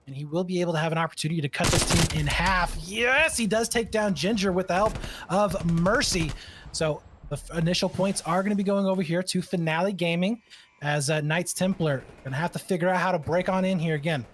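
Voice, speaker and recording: A man's voice: high voice, brisk, slight background noise. A young man giving esports color commentary, rambling analysis with lots of filler words. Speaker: esports co-caster.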